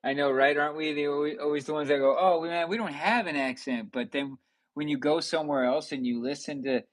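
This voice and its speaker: A man's voice: fairly high pitch, steady tone, a little fast. A man from California with a Californian accent, chatting easily on a livestream. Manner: chatty, easygoing. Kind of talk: casual livestream chat.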